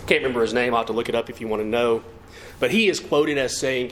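Speaking quickly in a mid-range, slightly bright voice, a man delivers an emphatic sermon full of rhetorical questions, his delivery swinging up and down. A faint hiss or hum sits under the recording.

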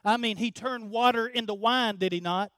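A man preaching a sermon earnestly, repeating his phrases, asking rhetorical questions and dropping to a hush at the ends of lines. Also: high-pitched, moderate pace, smooth, no room sound, clean studio sound. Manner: drops to a hush at the end of phrases. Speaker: pastor.

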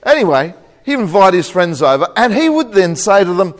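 A man's voice: high voice, sing-song, fairly quick. A man preaching a sermon, telling a joke and laughing at his own punchlines. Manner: jokey storyteller, chuckles at own jokes.

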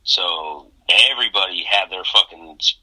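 A low-voiced man with a husky, sharply bright tone tells stories in loose podcast chat. He swears freely and acts out what people said. The sound is thin, like a phone line. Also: moderate pace. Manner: storytelling, animated quoting, lots of dude. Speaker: guest.

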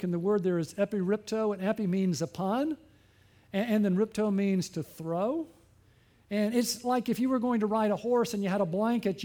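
Guy with a high voice preaching, earnest, keeps asking the crowd questions. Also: warm tone. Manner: earnest, repeats phrases for emphasis, asks the listeners questions. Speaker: pastor. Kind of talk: sermon.

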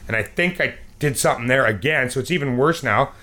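Bright-voiced man telling a fishing story. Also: mid-range voice, fast talker. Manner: animated storyteller, acts out sounds and quotes. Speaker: podcast co-host. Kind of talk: casual storytelling chat.

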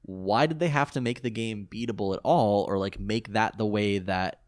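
A man co-hosting a casual podcast recap, animated, joking and sarcastic. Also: fairly low pitch, normal speed, no echo, studio quality. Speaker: podcast co-host.

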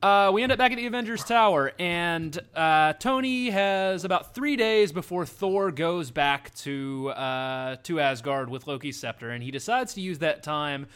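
A man's voice: a little high, animated, a little slow, few pauses, a bit bright, smooth. A man hosting a casual podcast, recapping a movie plot with frequent fillers and laughter. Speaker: podcast host recapping the film.

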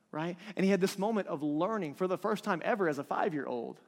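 A man's voice: high voice, lively intonation, fast talker, hardly any pauses. A man in his thirties preaching a conversational sermon, often checking in with his listeners. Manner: conversational, keeps checking in with the crowd. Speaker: pastor. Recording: long reverb of a large hall.

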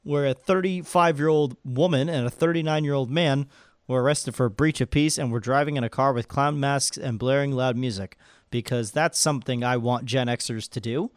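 A man's voice: medium pitch, moderate pace, smooth, no echo, clean studio sound. A man co-hosting a podcast in casual comedic chat, joking around with lots of energy. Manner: jokey, animated, does silly sound effects. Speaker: podcast co-host.

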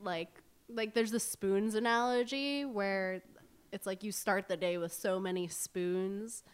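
A woman's voice: mid-range voice, steady tone, slow, clear, resonant tone. A woman guesting on a casual podcast, chatty and laughing, explaining ideas at length. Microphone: podcast mic at a table.

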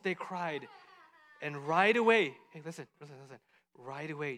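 Male kids' teacher with a bright, slightly high voice; animated, asks questions, acts out the voices. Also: moderate pace. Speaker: children's Bible teacher. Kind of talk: animated Bible story lesson.

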